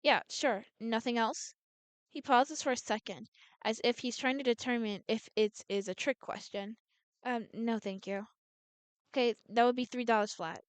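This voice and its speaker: Streamer, woman, reads game dialogue aloud with a smooth, slightly high voice; dry room sound. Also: normal speed, no room sound. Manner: reads all characters in her own voice, frequent restarts. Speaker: gameplay streamer. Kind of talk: reading a visual novel aloud.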